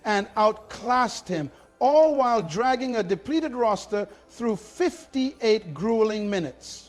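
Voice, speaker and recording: A man giving dramatic, indignant scripted narration for a sports channel, with punchy lines. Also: high-pitched.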